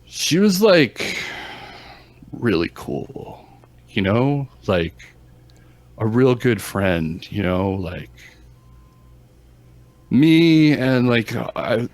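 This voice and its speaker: A man's voice: mid-range voice, very animated, very slow, pauses often, no echo. A man voicing a foul-mouthed young street punk who rambles with lots of fillers and turns paranoid. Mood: wistful. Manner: rambling, swears a lot, filler-heavy.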